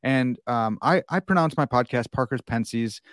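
An American man talking on his podcast in a loose, chatty way, full of fillers and self-mocking asides. His voice sits at an ordinary middle pitch. The sound is close and dry, with no room around it. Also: normal speed, dry recording. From United States. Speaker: podcast host. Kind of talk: casual podcast conversation.

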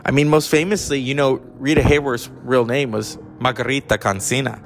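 A man's voice: medium pitch, steady tone, fairly quick, faint music behind. A man hosting a casual, rambling, enthusiastic chat about classic films. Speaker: host.

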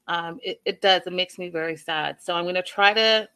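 A woman's voice: fairly low pitch, moderate pace, bright, forceful tone, smooth. A woman chatting casually to her viewers as she recaps a show, often turning to them directly. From Canada.

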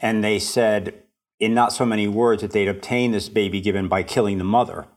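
Male writer guest, low-pitched, musing and self-deprecating, casual interview talk. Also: steady tone, brisk. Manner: reflective, self-deprecating, laughs often. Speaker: author and podcast guest.

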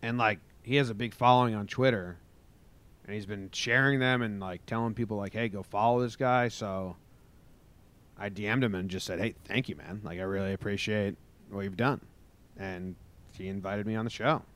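A man's voice: fairly low pitch, moderate pace, a bit bright. Joking, loose-talking podcast man. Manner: loose, joking, swears casually. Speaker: podcast co-host. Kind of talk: casual podcast chat and news rundown.

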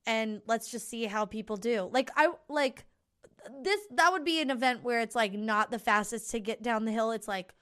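A woman with a fairly high voice, riffing playfully in a casual podcast chat. She rambles through silly ideas and laughs often. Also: normal speed, a bit bright, clear, resonant tone. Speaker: podcast co-host.

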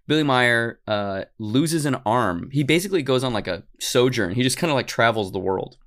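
A man's voice: medium pitch, expressive, moderate pace, a bit bright. A man co-hosts a podcast in an easy, joking way. His voice sits in an ordinary middle range, and he drifts into playful asides. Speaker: podcast co-host. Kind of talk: casual comedic podcast chat.

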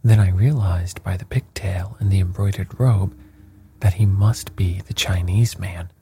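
A man whispering the part of a shaken noblewoman in hushed, breathless retelling, as whispered role-play. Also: low voice, steady tone, a little slow.

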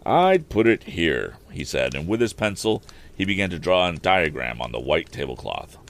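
Deep-voiced, expressive male storyteller. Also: brisk. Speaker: storyteller and podcast host. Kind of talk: audiobook narration.

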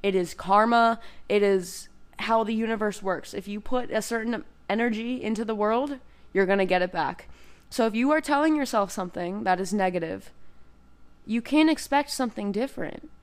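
A woman's voice: mid-range voice, normal speed. A young woman hosting a casual self-help podcast, chatty and encouraging, full of "like" and "you know," speaking straight to her listeners. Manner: encouraging, direct address to listeners. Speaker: podcast host; cycling instructor.

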